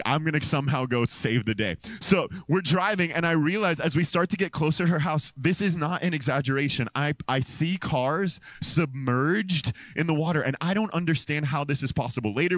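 An American man, a pastor, preaching a sermon into a stage microphone in a church, telling a personal story with lively acted-out quotes and frequent laughter. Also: mid-range voice, no echo. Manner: animated storytelling, acts out quotes, laughs often.

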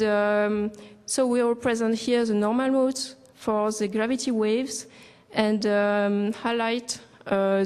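Female science presenter, halting delivery with lots of ums, in a large echoing conference room. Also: fairly high pitch, a little mellow, clear, resonant tone. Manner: hesitant, many fillers and restarts.

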